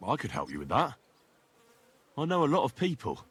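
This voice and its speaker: A calm, husky-voiced young adventurer. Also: male voice, mid-range voice, brisk, dry recording, heavily acted. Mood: steady. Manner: steady, questioning. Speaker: game protagonist. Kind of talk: video game voice acting.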